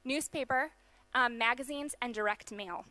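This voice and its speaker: Young American woman, keynote speaker; bright, slightly high voice, brisk and explanatory. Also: animated, dry recording. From USA. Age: young adult. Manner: brisk explanatory delivery with fillers. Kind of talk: conference keynote presentation. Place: large conference hall.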